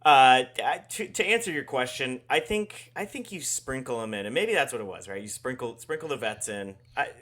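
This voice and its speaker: A man's voice: medium pitch, expressive, normal speed, hardly any pauses, a bit bright. A man co-hosting a hockey podcast in casual chat, laid-back, swearing often and trailing off mid-sentence. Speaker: podcast co-host.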